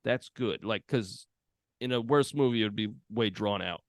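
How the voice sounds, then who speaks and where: A man's voice: on the low side, moderate pace, no echo, studio quality. A man hosting a podcast, chatting casually and retelling film scenes with lots of fillers. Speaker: podcast host.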